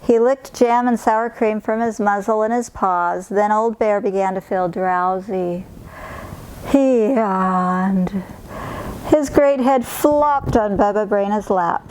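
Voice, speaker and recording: A woman reading a picture book aloud in a calm, clear storytelling manner. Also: medium pitch, slow pace, slight background noise. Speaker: storybook reader.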